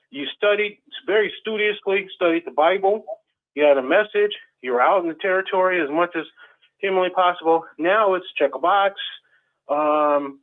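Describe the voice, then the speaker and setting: A man talking in an earnest, casual way in a group discussion, often stammering and restarting. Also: on the high side. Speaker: ex-Jehovah's Witness panelist. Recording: tinny phone-like line.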